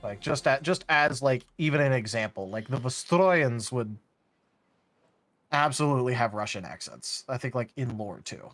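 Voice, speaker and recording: A man chatting as a guest on a stream, eager and quick to jump in with asides. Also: medium pitch, expressive, fairly bright tone, faint music behind. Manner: eager, talks over others with asides. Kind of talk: casual stream chat.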